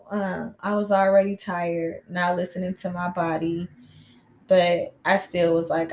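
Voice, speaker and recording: A woman's voice: on the low side, level tone, measured pace, a little mellow. A young woman hosting a podcast, telling a personal story in a casual, rambling way, full of "you know" and "like" and with frank swearing. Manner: candid and swears freely. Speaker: podcast host. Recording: roomy echo.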